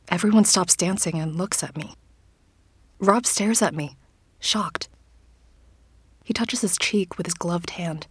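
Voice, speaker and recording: A woman narrating a first-person story in an audiobook, in a hushed, often whispered, intimate delivery. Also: mid-range voice, husky, dry recording, clean studio sound.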